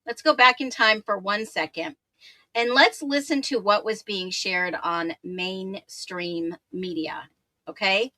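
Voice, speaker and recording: An upbeat woman hosts a live stream, greeting her viewers by name and laughing as she chats. Her voice is bright and a touch hoarse, and the sound is close and dry with no room around it. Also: mid-range voice, slow pace, no room sound. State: slightly hoarse voice. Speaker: true crime livestream host. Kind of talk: casual livestream chat, reading viewer comments.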